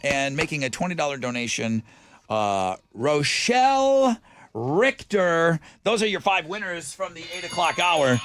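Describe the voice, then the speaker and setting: A man hosting a morning radio show, chatting in a lively, jokey way and laughing easily. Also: fairly high pitch, brisk, hardly any pauses. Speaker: radio host. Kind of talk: morning radio chat and live ad reads.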